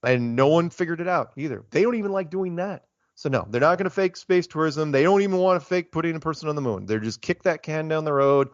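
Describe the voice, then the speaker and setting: A fired-up man rambles through an interview answer, his voice sitting a little high for a man. The recording sounds dull and lo-fi, with a dry, close feel and no room around it. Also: quick pace, dry recording. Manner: animated, gets worked up, rambling. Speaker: interview guest. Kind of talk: casual interview talk.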